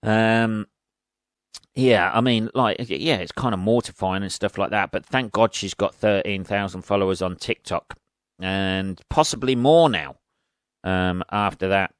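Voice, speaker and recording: A man's voice: fairly low pitch, measured pace, clear, resonant tone, no echo, studio quality. A man hosting a podcast, rambling through a crude comic monologue and laughing at his own jokes. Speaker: podcast host. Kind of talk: casual comedic monologue.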